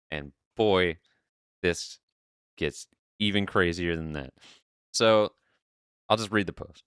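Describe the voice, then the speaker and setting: A man hosting a podcast, chatting casually and reading an online post aloud as an animated storyteller who swears freely. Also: low voice, slow, long pauses, clean tone, dry recording, clean studio sound. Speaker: podcast host.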